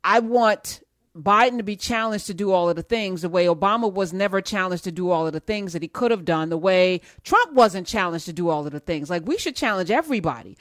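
A woman hosting a casual talk show, relaxed and thinking aloud as she speaks. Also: lowish voice, fairly quick, no echo, clean studio sound. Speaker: podcast host.

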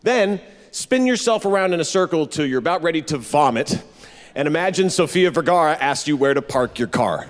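Male stage act, high and bouncy, cocky patter. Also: expressive, a little fast, big-room sound. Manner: boastful, showman. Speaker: talent show contestant. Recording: TV clip played back.

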